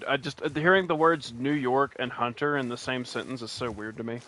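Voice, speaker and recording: In a mid-range, sharp-toned voice, a West Virginian man talks fairly quickly while streaming a hunting game. The casual commentary is rambling and jokey, with plenty of restarts.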